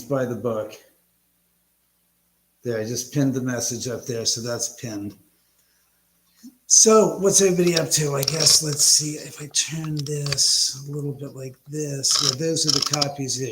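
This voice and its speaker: A man's voice: mid-range voice, moderate pace, a bit bright, echoey room, a little hiss or hum. Chatty man hosting a live stream. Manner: rambling, chatty, greets viewers by name. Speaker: livestream host. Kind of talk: casual live chat with viewers. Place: room at home.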